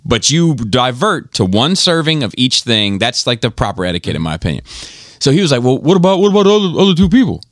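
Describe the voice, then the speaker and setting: A man's voice: medium pitch, sing-song, fast talker, few pauses, dry recording, clean studio sound. A man co-hosting a podcast, telling a long, profane story in casual chat, full of ums and you-knows. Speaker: podcast co-host.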